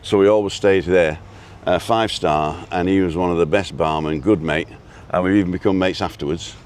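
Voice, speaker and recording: Hosting a casual live walking show on a seaside town street, a man jokes, chats and calls out the names of viewers. His voice sits low and a little mellow, with a steady tone and a moderate pace.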